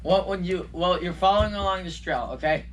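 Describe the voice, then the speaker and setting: Halting man narrating a tabletop game. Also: high-pitched, very noisy. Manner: halting, repeats himself, restarts. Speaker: game master.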